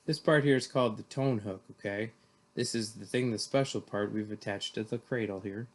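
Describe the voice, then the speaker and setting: A man's voice: on the low side, normal speed, lightly acted. A man reading aloud, voicing a friendly male ear doctor who explains things in a chatty, reassuring way. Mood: explaining.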